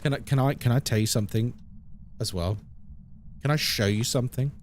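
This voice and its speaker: A man's voice: medium pitch, a little fast, slight background noise. A man in his thirties, a live-streamer casually chatting with his viewers and answering chat playfully. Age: 30s.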